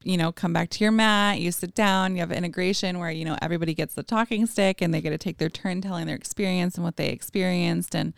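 A woman's voice: lowish voice, fairly even intonation, quick pace, vocal fry, few pauses, clear, resonant tone, no echo, clean studio sound. A woman, a mother, telling a personal story in casual podcast talk, full of fillers and acted-out quotes. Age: adult with children. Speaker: podcast guest. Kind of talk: casual conversation.

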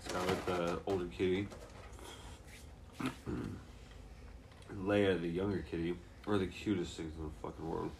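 A young man with a very deep, low voice recounts a night out in loose, casual chat. He swears freely and laughs as he talks. A faint hiss of background noise sits under the recording. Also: steady tone, measured pace, creaky, pauses often, darkish tone.

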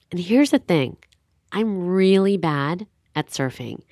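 A woman's voice: lowish voice, no room sound, studio quality. A woman hosting a podcast, talking in an upbeat, enthusiastic way as she introduces the show and interviews a guest. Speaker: podcast host.

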